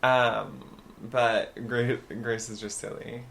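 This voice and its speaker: A man co-hosting a podcast in casual chat, telling gossipy stories in an animated way with sudden loud bursts. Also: medium pitch, takes it slowly, vocal fry, a little hiss or hum. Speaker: podcast co-host.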